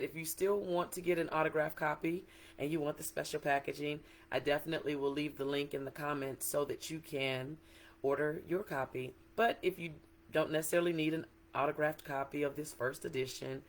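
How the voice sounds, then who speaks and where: A middle-aged woman author in a casual livestream talk, excited and chatty, greeting viewers by name. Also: low-pitched. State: a little emotional.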